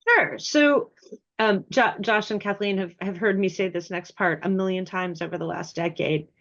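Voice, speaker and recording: A woman's voice: mid-range voice, moderate pace, fairly bright tone, muffled recording. A woman speaking as a guest expert on a webinar, chatty and emphatic, sounding congested from illness. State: ill, congested. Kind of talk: webinar presentation.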